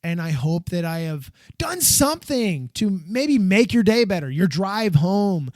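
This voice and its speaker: Alone at a close microphone, a man from the United States hosts his own podcast at an unhurried pace, with no room sound at all. He's heartfelt and rambling, his slightly high voice leaping upward whenever enthusiasm takes over.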